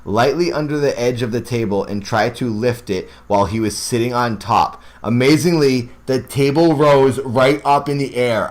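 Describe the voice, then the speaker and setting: A man reading ghost stories aloud, his voice sitting at an ordinary middle pitch. He narrates plainly, then keeps breaking off to react with excited, rambling asides to his viewers. The tone is casual and unpolished. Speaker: horror story narrator.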